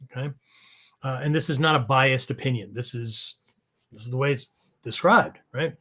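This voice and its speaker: A man's voice: medium pitch, normal speed, a bit bright, husky. A man hosting a training podcast, talking casually and rambling, checking in with "right?" at the end of many sentences. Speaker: podcast host. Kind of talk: casual spoken podcast monologue.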